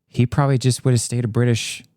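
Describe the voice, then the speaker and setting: A man's voice: medium pitch, flat delivery, quick pace, mellow, clear, resonant tone, dry recording, studio quality. A man co-hosting a history podcast, chatting about a film in a conversational, enthusiastic way. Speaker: podcast co-host. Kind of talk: casual history discussion.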